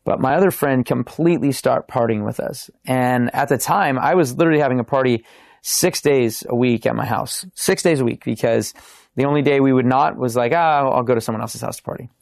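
A man's voice: medium pitch, a little fast, creaky, a little mellow, no room sound. A man in his thirties, a podcast guest telling his faith testimony in an earnest, restart-filled storytelling way. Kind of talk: testimony in casual interview.

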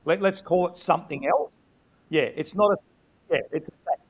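A man's voice: a little high, moderate pace. A middle-aged Australian man from Melbourne, a former football coach telling candid stories in an interview with frequent restarts. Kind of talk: conversational interview storytelling.

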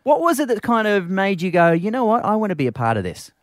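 A man's voice: sits high, quick pace, no room sound. A man with an Australian accent hosting a breakfast radio show, chatting and joking with callers and guests. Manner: lively, jokey banter. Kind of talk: casual on-air chat. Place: radio studio.

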